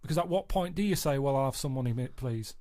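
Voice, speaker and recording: A man with a Mancunian accent, talking in a deadpan, blunt way in a casual radio chat. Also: medium pitch, fast. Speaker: regular radio guest.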